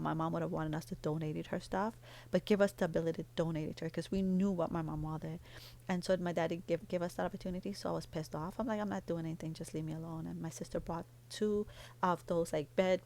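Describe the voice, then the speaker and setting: A middle-aged woman chats casually to her vlog viewers, rambling through a heartfelt personal story. Her voice sits a little low, and she keeps an easy, conversational flow. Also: creaky, a little mellow. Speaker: vlogger. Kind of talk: casual chat while doing nails.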